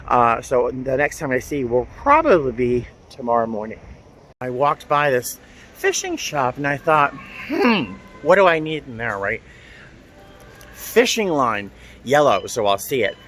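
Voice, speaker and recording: A man talking casually to the camera in a travel vlog, chatty and animated. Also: mid-range voice, slight background noise, low-quality recording. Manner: chatty and animated, softens to a gentle coo with animals. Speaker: vlogger. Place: outdoors on city streets, then airport and aircraft galley.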